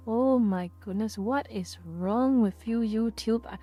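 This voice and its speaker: A woman's voice: on the high side, a little slow, few pauses, warm tone, no echo, faint music behind. A woman hosting a casual livestream, ranting in exasperation and repeating herself as she talks to her chat. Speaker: livestream host.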